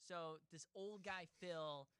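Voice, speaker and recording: A man's voice: slow, a bit bright, smooth, no echo. A young man hosting a podcast, telling a rambling story in a casual, swearing way. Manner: rambling, swears, jumps into high voices for quotes. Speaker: podcast host.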